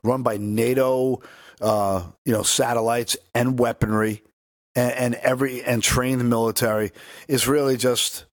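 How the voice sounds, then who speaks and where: Male talk co-host, rambling casual political commentary, mid pitch, dry close sound. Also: steady tone, moderate pace, no room sound. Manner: rambling, with restarts, reading news aloud.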